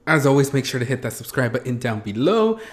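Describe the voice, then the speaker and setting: A young man hosting a reaction vlog, chatting casually with self-mocking rambles and quick jumps in energy. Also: medium pitch, over loud music. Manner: animated, self-mocking, rambling with bursts of laughter. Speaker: YouTube reaction host.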